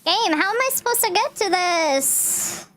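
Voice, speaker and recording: A woman's voice: very high-pitched, animated, measured pace, fairly bright tone, a little hiss or hum. A young woman streamer chatting casually and laughing while she watches clips with a friend.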